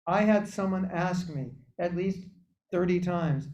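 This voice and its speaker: A man giving a spiritual workshop talk to a live group, animated and teasing, mimicking voices and laughing often. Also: high-pitched, measured pace. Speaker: spiritual teacher. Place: temple hall. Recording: echoey, dull room recording.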